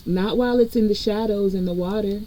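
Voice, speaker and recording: A woman's voice: medium pitch, brisk, warm tone, rough recording. A woman energy reader giving a collective spiritual reading in a conversational way, talking straight to her viewers. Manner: conversational, addresses viewers directly.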